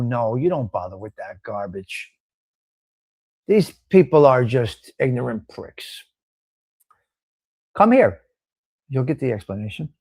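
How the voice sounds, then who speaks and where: With a North Jersey accent, this man hosts a live stream show casually, speaking bluntly and cursing as he reads off the names of viewers. His voice sits in the mid-range, and the recording is dry.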